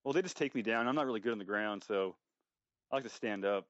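A man's voice: fairly low pitch, a bit bright, dry recording, dull audio. A man in casual podcast chat, joking and swearing freely as he talks. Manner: profane, joking, quick-talking.

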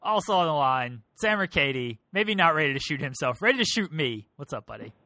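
A man's voice: fairly high pitch, very animated, a little fast, bright, forceful tone, no room sound. A man hosting a casual podcast, teasing and joking with his guests. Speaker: podcast host.

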